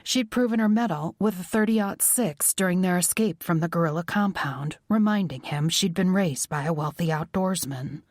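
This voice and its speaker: A woman narrating a romance audiobook in a soft, measured reading. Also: fairly low pitch, no room sound, studio quality. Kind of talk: scripted narration.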